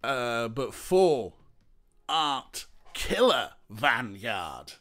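A man's voice: medium pitch, big pitch swings, very slow, sharp tone. A man streaming a game, chatting casually with his viewers and laughing often, with faint game music behind. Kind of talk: casual let's-play commentary.

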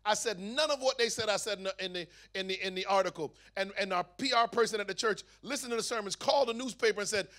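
A man giving his testimony at a youth camp meeting, telling the story in a lively way and acting out the dialogue. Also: high voice, fast, hardly any pauses. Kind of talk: testimony sermon to a youth audience.

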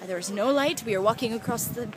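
A young woman chatting excitedly in a casual travel vlog, filmed on a handheld camera outdoors in busy city streets. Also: on the high side, fast talker. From United States. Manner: excitable, gushing, giggly fan chatter. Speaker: travel vlogger. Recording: loud outdoor crowd and street noise.

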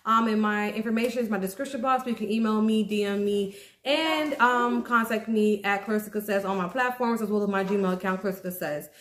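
A woman's voice: medium pitch, brisk, a bit bright, echoey room. A young adult woman vlogging casually to camera, chatty and promotional, with many fillers. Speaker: YouTube vlogger. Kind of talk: casual vlog talk to camera.

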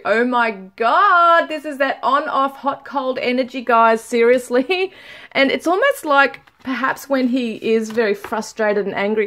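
A woman's voice: a little high, fairly bright tone. Chatty woman reading tarot cards. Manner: chatty, laughs often, reads card messages aloud slowly. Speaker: tarot reader. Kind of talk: casual tarot reading to viewers.

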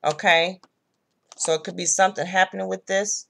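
A woman's voice: fairly low pitch, steady tone, moderate pace, vocal fry, a bit bright, slight background noise. Blunt, profane woman tarot reader. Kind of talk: casual tarot reading.

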